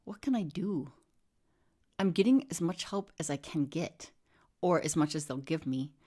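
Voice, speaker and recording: A woman telling a comic monologue in a deadpan, wry way, often dropping into whispered asides. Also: deep voice, moderate pace. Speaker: storyteller.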